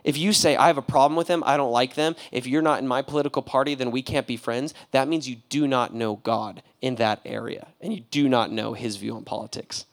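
A young man preaching a casual, animated sermon, full of slang and acted-out quotes. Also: medium pitch, brisk, few pauses. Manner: animated, casual slang, acts out voices with laughs. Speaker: pastor.

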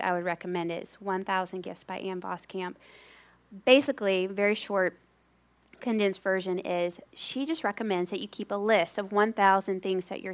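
A woman shares a personal testimony in a relaxed, conversational way, acting out the voices of people she quotes. Her voice sits at a medium pitch for a woman. The recording sounds a little dull. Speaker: missionary speaker.

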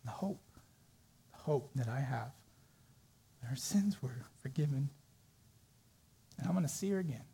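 A man preaching a sermon in a dark, mellow voice with a husky edge. He tells a story in a conversational way, slipping into the voices of its characters as he goes. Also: mid-range voice, animated, a little slow, pauses often.

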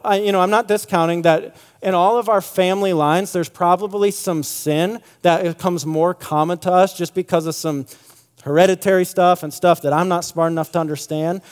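A man's voice: on the high side, darkish tone. A man preaching a sermon in a loose, conversational way, with many fillers and restarts. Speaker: pastor. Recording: long hall reverb.

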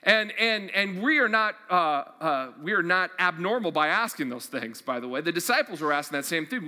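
A man pastor giving a conversational, energetic sermon, with fillers and questions repeated over and over. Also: sits high, a little fast, few pauses. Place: church hall. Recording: long hall reverb.

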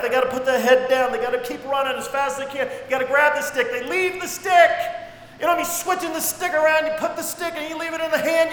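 A man preaching a sermon, swinging dramatically between near-shouts and hushed, low passages. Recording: echoey hall with faint noise.

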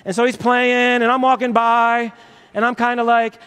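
A man's voice: very high voice, flat delivery, normal speed, sharp tone, smooth. A man preaching a sermon as pastor, passionate and emphatic, full of rhetorical questions. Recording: reverberant church hall.

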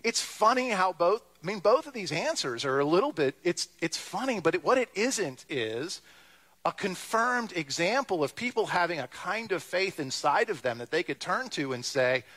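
A man's voice: high-pitched, normal speed. A man preaching a sermon, reading scripture and retelling it with wry humor and acted-out voices. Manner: lively, wry, acts out quoted voices. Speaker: pastor.

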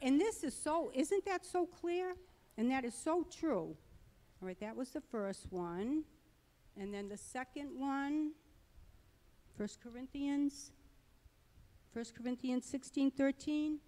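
A woman's voice: high-pitched, slow, pauses often, dark tone, long reverb tail. A middle-aged woman giving a personal testimony at church, earnest and conversational, rambling a little as she talks. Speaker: church speaker.

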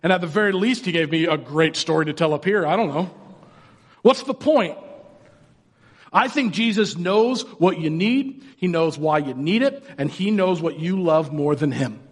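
A man's voice: fairly high pitch, expressive, moderate pace. A man, a pastor, giving a casual, joking sermon and acting out people's reactions. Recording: long hall reverb.

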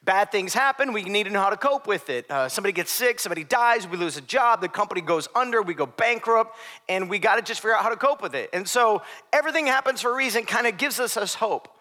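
Male pastor, sermon, very high voice, casual with jokes. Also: animated, quick pace, bright, forceful tone. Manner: conversational, joking asides.

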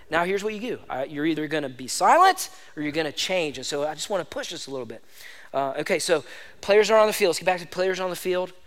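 A man preaching a sermon as pastor, emphatic and exhorting, repeating lines for stress. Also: high voice. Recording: long hall reverb.

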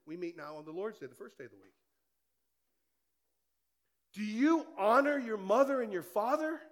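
A male pastor preaching a sermon in a conversational way, firing rhetorical questions at the congregation in church. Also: high-pitched.

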